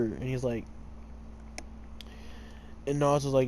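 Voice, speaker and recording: A man's voice: medium pitch, animated, takes it slowly, long pauses, darkish tone, a little hiss or hum. A man casually retelling a story while playing a game, full of fillers, often tripping over names and correcting himself. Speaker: gamer retelling a fan story.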